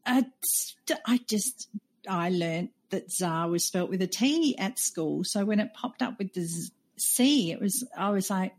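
A woman's voice: medium pitch, expressive, normal speed. A woman co-hosting a podcast, telling a rambling, chatty story in casual conversation. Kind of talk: casual chat.

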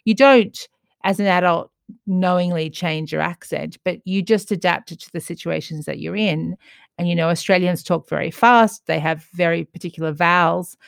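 A woman's voice: lowish voice, moderate pace, vocal fry, clean tone, dry recording, studio quality. A middle-aged woman co-hosting a podcast, talking in a chatty, reflective way. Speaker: podcast co-host. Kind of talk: casual chat.

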